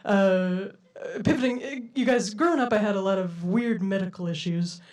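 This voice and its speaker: A woman's voice: mid-range voice, moderate pace, a little mellow, distant mic. A young woman performing a stand-up comedy set for a live audience, with a playful, giggly delivery and frequent laughs.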